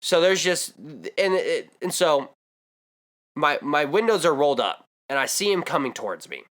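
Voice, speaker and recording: A man's voice: on the high side, big pitch swings, moderate pace, a bit bright. A young man vlogging, telling a comedic story with exaggerated asides and rambling digressions.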